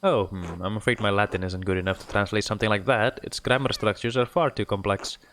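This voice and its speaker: A man reading the lines of a kindly older nun in his own low voice. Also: steady tone, quick pace, fairly bright tone, a little hiss or hum, natural voice.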